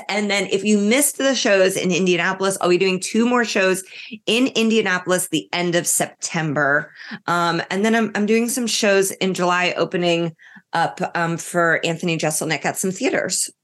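A woman's voice: mid-range voice, normal speed, a bit bright. A woman in her thirties, a comedian co-hosting a sports podcast, joking and emphatic in casual chat.

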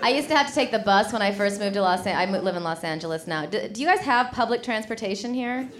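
A woman from Illinois performing a sardonic stand-up set with quick punchlines. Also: medium pitch, lively intonation. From Illinois, USA. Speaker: stand-up comedian. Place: comedy club stage with live audience. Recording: live club recording with crowd laughter and noise.

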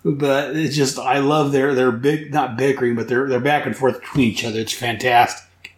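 A man's voice: medium pitch, flat delivery, normal speed, reverberant. A man hosting a podcast, recapping comics casually in a rambling, enthusiastic way that corrects itself as he goes. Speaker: comic book podcast host.

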